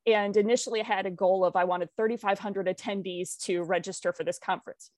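A woman's voice: mid-range voice, steady tone, fast talker, darkish tone, no room sound. A young adult woman, founder of an organization, talking in an interview in a reflective, candid, self-deprecating way. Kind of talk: conversational interview.

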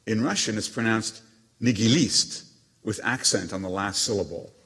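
An actor reading letters as a proud, witty émigré novelist, with a haughty, dryly teasing manner. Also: male voice, on the low side, brisk, bright, forceful tone, husky, heavily acted. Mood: lecturing. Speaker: letter reader. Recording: long hall reverb.

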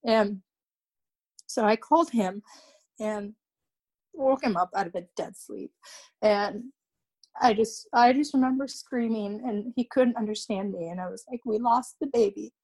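A young woman, a podcast guest, recounting a painful personal story in a halting way, often repeating herself and restarting sentences. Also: mid-range voice, a little mellow.

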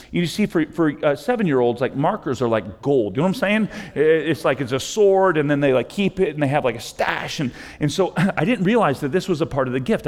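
A man's voice: medium pitch, a little mellow. A middle-aged man preaching a sermon as pastor, conversational and repetitive, building to impassioned pleas. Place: church sanctuary. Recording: long hall reverb.

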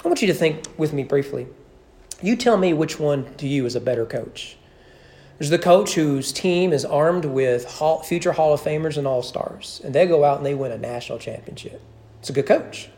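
A man's voice: fairly high pitch, animated, moderate pace, a little mellow. A man preaching a Sunday morning sermon in a church, earnest and emphatic, building repeated phrases and dropping in wry asides. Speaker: pastor. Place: church sanctuary.

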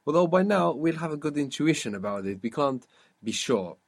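A man's voice: fairly high pitch, animated, brisk. Patient male Arabic teacher. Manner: patient, quizzing a student and modelling pronunciation. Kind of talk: spoken language lesson.

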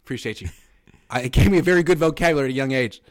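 A man's voice: medium pitch, rapid-fire. A young adult man hosting a podcast in an easygoing casual way, reading viewer comments aloud. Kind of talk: casual chat.

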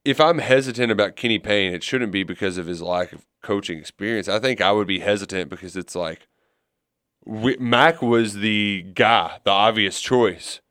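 A man's voice: on the low side, normal speed, a bit bright, clean tone, dry recording, studio quality. A man co-hosting casual sports talk, rambling and conversational with frequent restarts.

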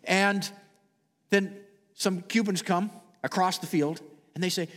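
A Canadian man preaching a sermon and telling stories, swinging dramatically between loud and hushed delivery. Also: sits high, steady tone, measured pace, long pauses, big-room sound. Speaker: pastor. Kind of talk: sermon with storytelling.

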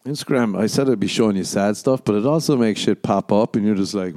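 An Irish man hosting his own podcast, rambling through profane, meandering stories with the odd quick mock voice. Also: fairly low pitch, warm tone. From Ireland. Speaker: podcast host and stand-up comedian. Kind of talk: casual rambling solo podcast monologue.

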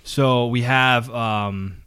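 A man's voice: medium pitch, extremely slow, clean tone. A man co-hosting a casual chat show who recaps wrestling step by step and often restarts with "um". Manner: steady storyteller, restarts often with "um". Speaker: podcast co-host.

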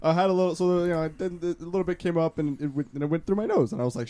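A man's voice: on the high side, very fast, hardly any pauses, mellow. A young man co-hosting a casual comedy podcast, telling rambling stories and laughing often. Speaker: podcast co-host.

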